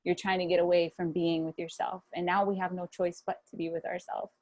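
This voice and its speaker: A young woman speaking casually to an online audience over a video call from a room at home, relaxed and chatty, with many fillers and restarts. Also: fairly low pitch, a little fast. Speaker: guest speaker at a wellness webinar. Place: home room with a fan running.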